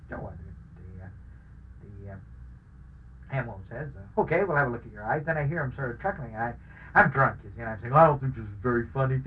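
Heard through a muffled recording with slight background noise, an older veteran with a mid-range voice tells his war story for an oral history. He chuckles now and then and acts out the conversations in anecdotal fashion.

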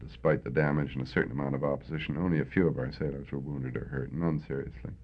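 Older canadian guy, super deep gravelly voice, husky, lots of ums, sounds like an old tinny tape. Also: steady tone, fast. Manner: reflective, hesitant with many fillers. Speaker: veteran interviewee. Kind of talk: oral history interview. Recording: tinny phone-like lo-fi recording.

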